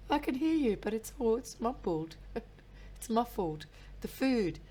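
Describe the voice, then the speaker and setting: A woman's voice: fairly high pitch, very animated, unhurried, mellow, husky. A woman hosting a casual live stream who answers in short, laid-back replies. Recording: faint background noise.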